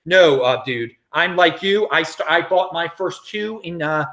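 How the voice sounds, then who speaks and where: Animated, chatty middle-aged American man. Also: a little high, unhurried. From United States. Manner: animated, chatty, laughs often, many restarts. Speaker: crypto livestream host. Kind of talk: casual livestream chat reading viewer comments.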